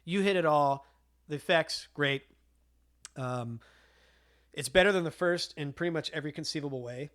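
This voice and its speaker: A man chatting enthusiastically about films as a podcast co-host, his voice sitting a little higher than most men's. He keeps piling on fillers and restarts as he works up his excitement. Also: moderate pace, pauses often. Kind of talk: casual film chat.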